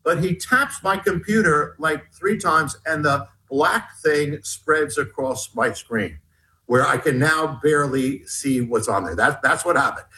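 Guest author, male, slightly high voice, storyteller who rambles and restarts often. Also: low-quality recording. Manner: rambling, halting restarts, excited retelling. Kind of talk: storytelling interview.

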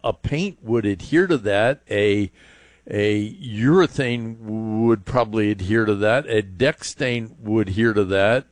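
A man's voice: fairly low pitch, dry recording. A man hosting a call-in home improvement show, thinking aloud with lots of fillers and restarts as he gives advice.

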